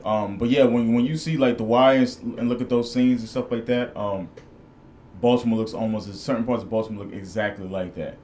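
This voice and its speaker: A man's voice: medium pitch, a little fast, a little hiss or hum. A man in his thirties hosting a podcast, chatting casually and rambling with plenty of swearing. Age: 30s. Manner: profane, rambling, animated. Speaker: podcast host. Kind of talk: casual chat.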